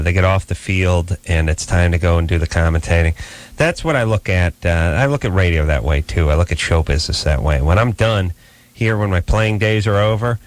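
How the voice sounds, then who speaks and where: Low-voiced joking radio host man. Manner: loose, joking, rambling riffs and bits. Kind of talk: late-night call-in radio banter.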